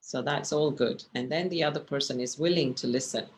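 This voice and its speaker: A woman meditation teacher giving a relaxed talk with slides, speaking in a conversational way that often checks in with the listener. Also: rumbling low, brisk. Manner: expressive, gestures while speaking.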